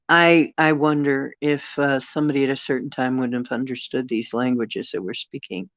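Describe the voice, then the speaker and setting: Slow, hesitant spiritual vlogger. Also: medium pitch, no room sound. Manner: hesitant, musing, frequent fillers. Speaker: channel host. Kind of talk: casual spiritual talk. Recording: dull lo-fi recording.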